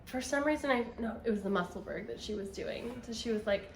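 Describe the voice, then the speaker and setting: A woman's voice: on the high side, a little fast, a little hiss or hum. Chatty young woman in an echoey room. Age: young adult. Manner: chatty, rambling, laughs often. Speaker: podcast co-host. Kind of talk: casual chat about knitting podcasts.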